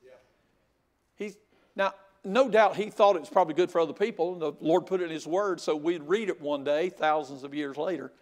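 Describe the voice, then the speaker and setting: An older man preaching a sermon, telling a folksy story with loud outbursts. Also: fairly high pitch, brisk. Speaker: pastor.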